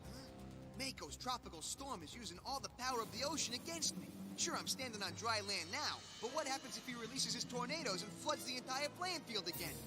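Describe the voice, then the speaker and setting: A brash young cartoon duelist talks big in a very high, lively voice. Loud music runs under every line. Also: male voice, brisk. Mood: dismayed. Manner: cocky, then dismayed.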